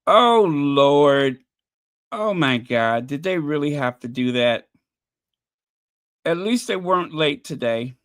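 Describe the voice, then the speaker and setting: A man's voice: on the high side, expressive, takes it slowly, long pauses, fairly bright tone, smooth. A man hosting a casual live commentary stream, chatty and exasperated, thinking aloud as he talks to his viewers. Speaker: livestream commentary host.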